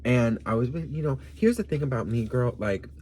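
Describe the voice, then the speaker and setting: A man from Miami with Colombian roots tells a story to camera in a sassy, campy vlog voice. His pitch swings widely as he gets animated, and it sits at an ordinary middle height. A faint hum of room ambience stays behind him. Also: normal speed. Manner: sassy, campy, animated, calls the viewer "girl" and "bitch". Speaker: vlogger.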